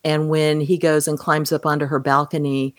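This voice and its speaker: A woman's voice: low voice, moderate pace, no echo, studio quality. A woman co-hosting a podcast, talking through a film in casual chat and acting out the characters' lines as she goes. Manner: animated, acts out quoted lines. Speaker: podcast co-host.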